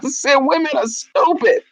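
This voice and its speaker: A woman, chatting casually on a live stream, animated and blunt, acting out quotes with big jumps in pitch. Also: moderate pace, rough recording. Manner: blunt and profane. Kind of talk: casual chat.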